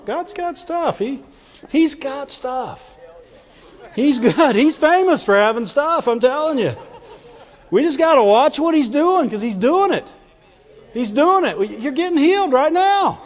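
A man preaching a fervent sermon, repeating phrases and calling out to his congregation. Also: very high voice. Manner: fervent, repetitive call-and-response preaching. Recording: dull lo-fi sound with long hall reverb.

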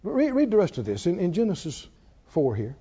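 A man preaching a sermon in a folksy, animated way, asking the congregation questions as he goes. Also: sits high, brisk, breathy edge. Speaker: pastor. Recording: dull lo-fi recording.

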